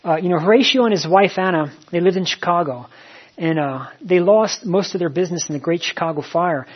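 Middle-aged male pastor, husky voice, sermon delivery, repetitive phrasing, slightly dull recording. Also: high voice, fairly quick. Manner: repeats phrases, many "you know" fillers.

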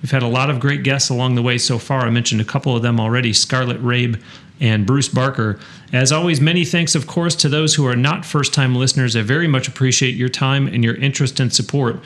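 A man from Western New York hosts a studio podcast interview. He talks in a chatty, rambling way, often restarting his sentences. His voice sits at an ordinary middle pitch. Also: fairly even intonation, brisk, fairly bright tone. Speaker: podcast host. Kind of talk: casual interview and show announcements.

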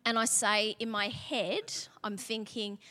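A woman's voice: mid-range voice, slow, bright, forceful tone. A woman pastor giving a sermon, telling a personal story in a chatty way with laughing asides and building into emphatic preaching. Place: church hall. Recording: long hall reverb.

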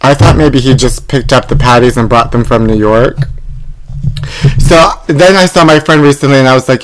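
A man's voice: mid-range voice, moderate pace, a little hiss or hum, rough recording. A man co-hosting a podcast, telling stories in a campy, gossipy chat. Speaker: podcast co-host. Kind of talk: casual chat.

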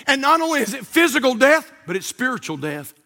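Fervent high-voiced man preaching. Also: big pitch swings, pushed and bright. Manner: fervent, drawn-out emphatic delivery with Bible quotations. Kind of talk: sermon.

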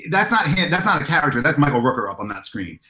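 A man's voice: on the high side, quick pace, roomy sound, rough recording. A man being interviewed as a convention organizer, telling enthusiastic anecdotes and acting out the dialogue. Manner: animated, enthusiastic storyteller who acts out dialogue.

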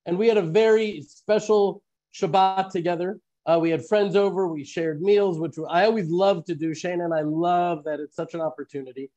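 A man's voice: high-pitched, steady tone, moderate pace, warm tone, highs cut off. A man hosting a live online Bible teaching, posing earnest questions to his listeners.

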